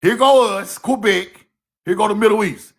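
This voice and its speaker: A man giving a casual, fiery online lecture, cussing freely, repeating himself and shouting key words. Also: high-pitched, moderate pace, gravelly. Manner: laughs at own points.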